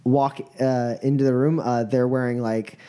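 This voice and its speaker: Halting male game master. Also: mid-range voice, little pitch movement, warm tone, smooth. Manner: halting, many fillers, laughs often. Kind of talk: narrating a tabletop game.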